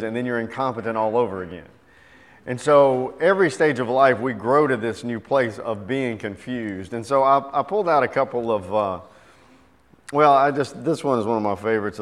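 A middle-aged man giving a sermon as a pastor, reading scripture and telling jokes in an animated way, then teaching more quietly. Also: medium pitch. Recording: reverberant hall.

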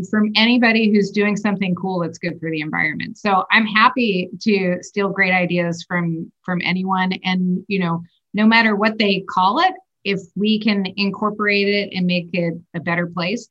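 A woman's voice: medium pitch, steady tone, moderate pace, a bit bright, lo-fi sound. A woman being interviewed, talking casually with many fillers in an upbeat way. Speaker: wine producer guest. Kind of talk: conversational interview.

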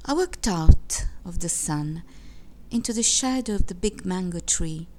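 A woman reading a literary short story aloud in a measured, expressive way. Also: on the low side. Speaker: reader.

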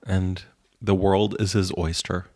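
A man co-hosts a podcast with a very deep, gravelly voice and an unhurried delivery. He is laid-back, laughs easily and drops dry, offhand jokes. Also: level tone, mellow. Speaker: podcast co-host. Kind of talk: casual chat.

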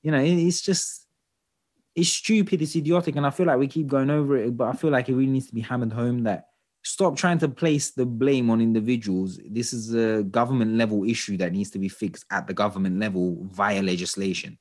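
A man co-hosting a podcast, talking in casual chat with an animated, exasperated, ranting manner. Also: medium pitch, fairly quick. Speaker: podcast co-host.

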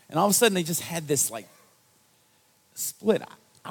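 A man's voice: on the high side, lively intonation, fast, vocal fry, long pauses. A male pastor giving a sermon to his congregation in a conversational, self-deprecating storytelling manner. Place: church service.

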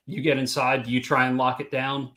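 A man's voice: mid-range voice, little pitch movement, a little fast, pushed and bright. A man narrating as game master in a tabletop role-playing session, casual and full of fillers.

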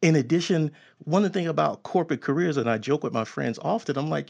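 A man's voice: a little high, fast talker, gravelly, darkish tone. A man hosting an interview, asking questions in an encouraging, reflective way with many fillers. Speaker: interviewer host. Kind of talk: conversational interview.

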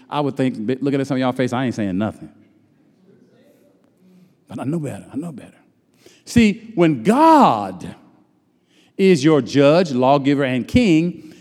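Middle-aged male preacher, fairly high voice, chatty call-and-response sermon, long church reverb. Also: darkish tone. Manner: conversational, teasing, call-and-response. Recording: long reverb in a large hall.

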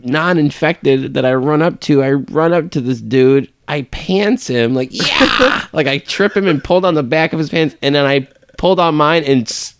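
A man in casual, crude chat with a friend, laid-back and swearing, with sudden loud bursts when a story gets going. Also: on the high side, normal speed, few pauses, smooth, no echo, clean studio sound.

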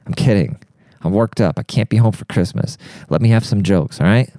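A man's voice: on the low side, a little fast, warm tone, no echo, clean studio sound. A young man telling a crude, rambling comedic rant, heavy on swearing and fired up. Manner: profane, rambling, fired-up, says dude a lot. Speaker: monologue speaker.

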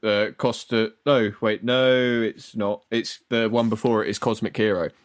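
A man hosting a casual podcast, animated and sweary as he tells stories. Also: lowish voice, measured pace, no echo, studio quality. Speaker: podcast host. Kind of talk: casual chat.

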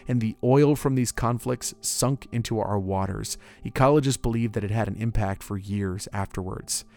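A man's voice: fairly low pitch, a little mellow. A man narrating history in a casual, conversational way, with joking asides.

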